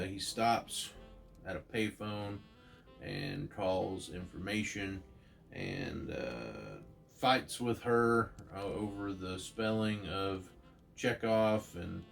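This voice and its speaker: A man's voice: low voice, vocal fry. A man hosting his channel, casually retelling a comic story in a chatty way with many fillers. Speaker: comic book channel host.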